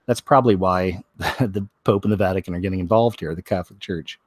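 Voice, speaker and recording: A man hosting a show, reading news stories aloud, stumbling over words, clearing his throat and adding wry comments of his own. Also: low voice, fairly quick, no room sound, studio quality. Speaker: host.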